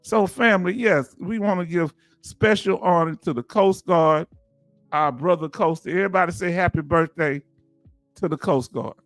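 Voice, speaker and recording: A man's voice: high voice, moderate pace, fairly bright tone, no echo, soft background music. Laughing Southern man hosting a livestream. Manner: laughs often, loose conversational delivery. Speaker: livestream host. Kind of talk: casual livestream chat reading viewer comments.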